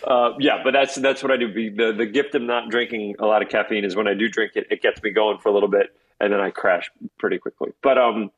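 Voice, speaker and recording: A husky-voiced man of forty, talking at a rapid clip as an interview guest. He rambles through excitable asides and jumps from one thought to the next. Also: lowish voice, muffled recording. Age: 40s. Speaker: guest actor. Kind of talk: casual interview chat.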